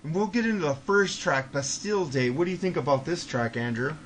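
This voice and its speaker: A man hosting a casual podcast, talking in a profane, excitable, ranting way. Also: fairly high pitch, brisk, slight background noise. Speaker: podcast host.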